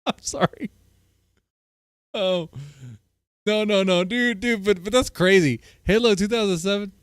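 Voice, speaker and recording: A male livestream host chatting with viewers in a loud, profane, heated way. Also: high-pitched, moderate pace, clear, resonant tone, no echo, studio quality. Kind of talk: casual livestream chat with viewers.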